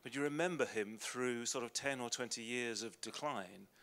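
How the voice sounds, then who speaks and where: A man's voice: medium pitch, normal speed, fairly bright tone. Middle-aged man, audience member, hesitant and earnest.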